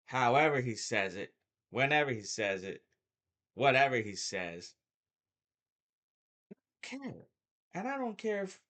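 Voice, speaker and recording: Middle-aged man ranting, lively bright voice. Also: mid-range voice. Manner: heated, repetitive ranting, stumbles and restarts. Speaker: sports fan vlogger. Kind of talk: casual opinion rant.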